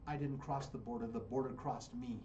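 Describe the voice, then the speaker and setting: A man's voice: mid-range voice, steady tone, a little fast, dark tone, lo-fi sound, a little hiss or hum. An American man hosting a radio show, giving fiery political commentary and repeating phrases for emphasis. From United States. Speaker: radio host.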